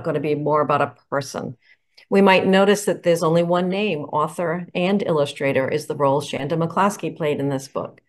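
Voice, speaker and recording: Middle-aged woman educator, enthusiastic instructional delivery, slightly low pitch. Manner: enthusiastic, explanatory, poses questions. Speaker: educator presenting picture books. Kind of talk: instructional talk to teachers.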